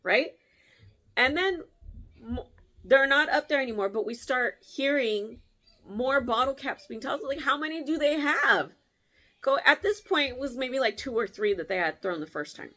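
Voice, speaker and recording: A woman vlogger with a slightly high voice tells a story in a relaxed, chatty way. She laughs often and swings her pitch up sharply to act out other people's words. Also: moderate pace. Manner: animated, acts out quotes with big pitch jumps; laughs through her telling. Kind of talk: casual storytelling.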